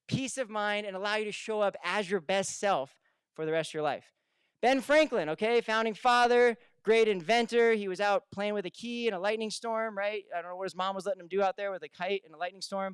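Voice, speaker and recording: A man giving a lively seminar talk on retirement income, asking the room questions and telling stories. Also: high-pitched, smooth, no room sound. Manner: energetic, conversational, asks the room questions. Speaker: financial advisor speaking at a seminar. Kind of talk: live seminar talk to an audience. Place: room with a live audience.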